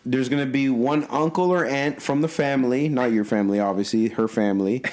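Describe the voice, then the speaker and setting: A man co-hosting a casual podcast, teasing his friends and giving advice in a relaxed, laughing way. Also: medium pitch, brisk. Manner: teasing, laid-back, gives advice with a laugh. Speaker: podcast co-host. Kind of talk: casual chat.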